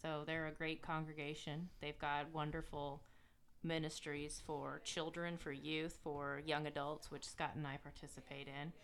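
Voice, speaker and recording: A woman's voice: sits low, little pitch movement, moderate pace, fairly bright tone. A woman guest in a casual interview, telling stories in an earnest, heartfelt way.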